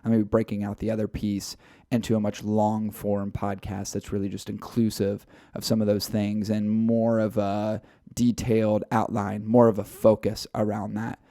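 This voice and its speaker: Guy cohosting a podcast, lowish mellow voice, rambly, dry close mic. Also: little pitch movement, moderate pace, dry recording. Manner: loose, rambling delivery with fillers. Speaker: podcast co-host. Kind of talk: casual podcast banter.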